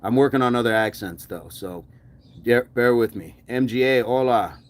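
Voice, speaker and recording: American guy, mid-pitched, live-streaming workout host reading chat, friendly and encouraging. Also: moderate pace. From United States. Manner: upbeat, encouraging, reads chat aloud. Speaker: livestream fitness host. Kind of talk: casual livestream chat reading comments.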